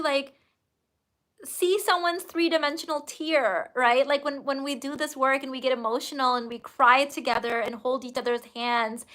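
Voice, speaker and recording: Bright, high-voiced effusive woman coach. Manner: effusive and emphatic, with casual swearing. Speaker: business coach and host. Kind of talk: casual livestream answering viewer comments.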